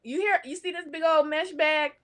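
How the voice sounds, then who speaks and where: A woman's voice: high-pitched, steady tone, normal speed, fairly bright tone. A woman talking casually to her viewers as a vlogger, chatty and addressing them directly. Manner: chatty, talks straight to viewers as "y'all". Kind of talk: casual talk to camera.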